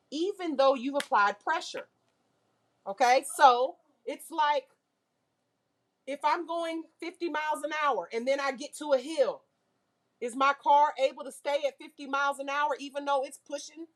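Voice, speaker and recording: A woman teaching a nail class, lively and full of questions to her students. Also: high voice. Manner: lively, asks the class questions, uses car comparisons. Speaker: nail instructor. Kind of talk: classroom lecture.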